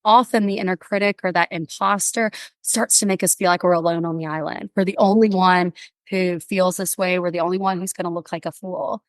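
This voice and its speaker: Lively storytelling woman, dry close sound. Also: lowish voice, fairly quick, no room sound. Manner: animated storyteller, acts out quotes. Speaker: guest, counselor. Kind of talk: casual conversational interview.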